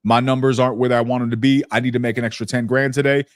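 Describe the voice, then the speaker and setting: A man hosting a casual business podcast who tells stories bluntly and profanely and slips into lively impressions of people. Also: mid-range voice, very fast, dry recording, clean studio sound. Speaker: podcast host.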